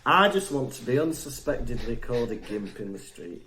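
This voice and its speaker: A man's voice: medium pitch, moderate pace, echoey room. A man co-hosting a podcast, chatting casually and laughing a lot. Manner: giggly, jokey, animated. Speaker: podcast co-host. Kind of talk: casual chat.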